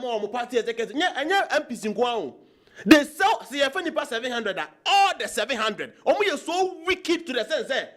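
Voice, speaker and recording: A man's voice: very high-pitched, fairly bright tone. A Ghanaian man speaking with passion on a political talk show, mixing Twi and English. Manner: impassioned, mixes Twi and English.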